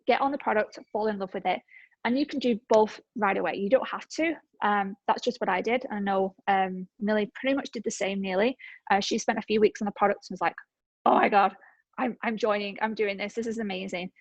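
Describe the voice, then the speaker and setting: A woman's voice: medium pitch, no echo, lo-fi sound. A woman in her thirties presents on a group call, telling her story in an upbeat, chatty way full of fillers. She sounds slightly out of breath. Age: 30s. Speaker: network marketing presenter. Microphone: call microphone.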